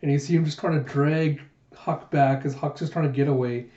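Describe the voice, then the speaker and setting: Excitable man retelling a comic. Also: on the high side, brisk. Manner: animated, lots of laughing asides. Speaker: manga reviewer. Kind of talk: casual comic readthrough. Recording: echoey room, dull sound.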